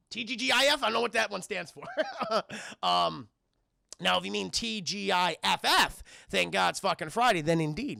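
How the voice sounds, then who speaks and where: Gravelly-voiced man chatting to stream. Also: high voice, pushed and bright, dry recording, clean studio sound. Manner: rambling, profane, laughs often, addresses chat. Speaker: film review streamer. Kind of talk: casual profane film recap to live chat.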